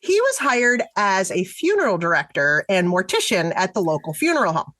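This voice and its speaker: A young adult woman co-hosting a true-crime podcast, telling the story in a chatty, animated way and laughing often. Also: mid-range voice, normal speed. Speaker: podcast co-host. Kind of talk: casual true-crime chat.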